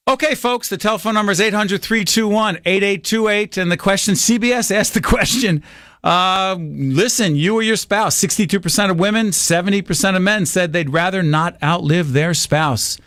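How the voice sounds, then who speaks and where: A man hosting a call-in radio talk show, chatty and quick to laugh. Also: high voice, fairly bright tone, clean tone, no echo, clean studio sound. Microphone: studio microphone.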